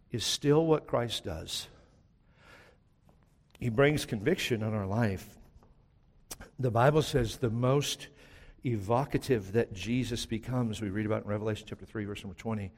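Man preaching in a reverberant hall. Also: medium pitch. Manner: preaching with sudden drops to a hushed voice. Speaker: pastor. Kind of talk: sermon. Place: church sanctuary.

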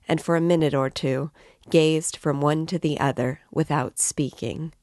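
Steady woman narrating a novel. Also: sits low, dry recording, clean studio sound. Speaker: reader and guide. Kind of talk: reading a classic novel aloud.

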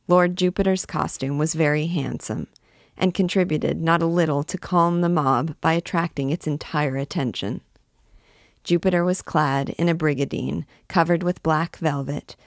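A woman reading a classic novel aloud, measured and expressive, lifting her voice for quoted shouts. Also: sits low, no echo, clean studio sound. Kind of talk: read-aloud narration.

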